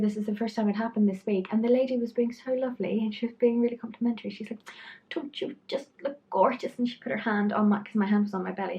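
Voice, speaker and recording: A woman's voice: mid-range voice, darkish tone, lo-fi sound. A young woman giving frank, chatty pregnancy advice to camera, trailing into asides. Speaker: pregnancy vlogger. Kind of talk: casual talk-to-camera advice.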